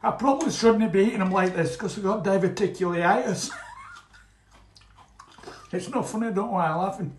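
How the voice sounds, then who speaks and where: A man with a high voice rambles cheerfully while cooking at home, swearing freely and laughing often. The kitchen sounds roomy and echoey, with a faint hiss of noise underneath. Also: moderate pace, long pauses. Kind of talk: casual chatty cooking vlog.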